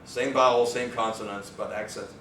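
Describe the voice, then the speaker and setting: A man with a fairly low voice delivers an academic lecture, wandering through his points with fillers and quick self-corrections. He sounds distant from the microphone in an echoey room. A faint hiss sits underneath. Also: steady tone, a bit bright. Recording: echoey room, far mic, faint noise.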